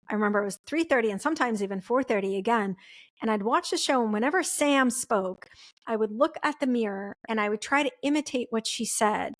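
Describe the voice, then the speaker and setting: A woman in her forties, raised in the former Soviet Union, hosting a podcast and telling a personal story in an earnest, reflective way. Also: a little high. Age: 40s. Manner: earnest and reflective, with frequent "right?" and "like". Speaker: podcast host.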